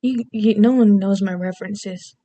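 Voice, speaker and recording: A woman's voice: medium pitch, fairly even intonation, a little slow, mellow. A young adult woman vlogging in rambling, goofy casual chat, self-deprecating and meandering between topics.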